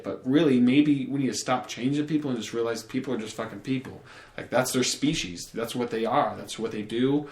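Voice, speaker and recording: A young man chats loosely on a podcast, cursing often and jumping between thoughts. His mid-pitched voice rings a little in an echoey room, and he slips into other voices when he quotes people. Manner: rambling, profane, animated storytelling with acted quotes. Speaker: podcast host. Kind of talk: casual podcast chat. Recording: roomy echo.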